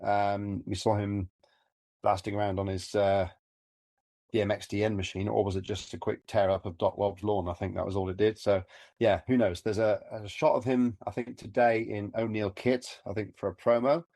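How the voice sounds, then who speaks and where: West country bloke, lowish voice, rambling podcast chat, dry close mic. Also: male voice, level tone, moderate pace, darkish tone, no echo. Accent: West Country English. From Gloucester, England. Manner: chatty, rambling, lots of ums and uhs. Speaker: podcast co-host and commentator.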